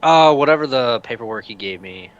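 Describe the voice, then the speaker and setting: A man's voice: medium pitch, lively intonation, brisk, lo-fi sound. A man playing a tabletop game, speaking in character, easygoing and casual. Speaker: player.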